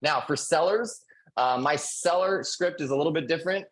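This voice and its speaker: A man who is a real estate agent, presenting call scripts on a panel webinar in an energetic coaching manner, repeating his key points. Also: a little high, moderate pace, poor audio.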